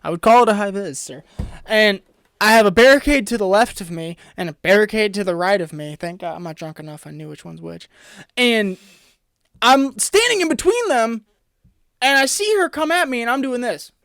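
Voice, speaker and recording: Animated young man telling stories. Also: normal speed, gravelly, dry recording, studio quality. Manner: animated storyteller, acts out quotes in a loud high voice. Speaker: podcast co-host. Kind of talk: casual chat.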